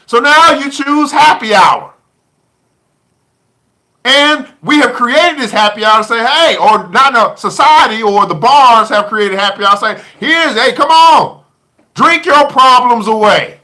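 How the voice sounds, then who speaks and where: High, bright-voiced male host. Preachy book club talk, folksy slang, repeats lines for emphasis. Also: animated, a little slow. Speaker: live stream host reading a book aloud. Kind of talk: live stream book club talk with commentary.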